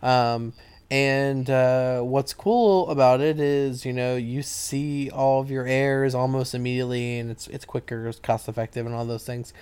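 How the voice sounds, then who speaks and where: A man in casual podcast chat with a smooth, clear voice at an ordinary pitch. He explains at length, starting and stopping with plenty of fillers. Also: fairly even intonation, moderate pace, a little mellow. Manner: hesitant, many fillers, explanatory. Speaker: podcast co-host in medicine.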